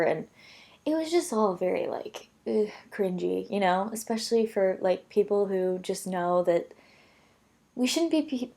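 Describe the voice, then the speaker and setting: A young woman from the United States chatting casually to camera, self-deprecating and full of quick asides. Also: medium pitch, warm tone. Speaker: vlogger.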